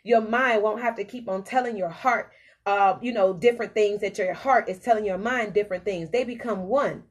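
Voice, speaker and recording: Animated woman giving a motivational talk. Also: medium pitch, normal speed. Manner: animated, preachy, repetitive phrasing. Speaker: podcast host. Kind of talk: motivational self-help talk.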